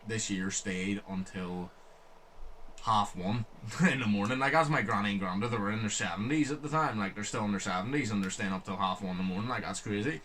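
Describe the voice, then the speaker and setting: A man's voice: lowish voice, fairly quick, fairly bright tone, slight background noise. A young man co-hosting a casual podcast, telling stories chattily with frequent swearing and laughter. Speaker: podcast co-host.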